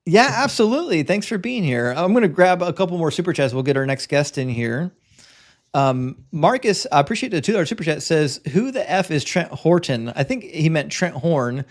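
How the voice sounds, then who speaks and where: A man hosting a live debate stream, with a voice pitched a little high. He talks bluntly and lectures his callers, often restarting his sentences with quick stammers. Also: sing-song. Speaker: debate show host. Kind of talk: live-stream debate and reading super chats.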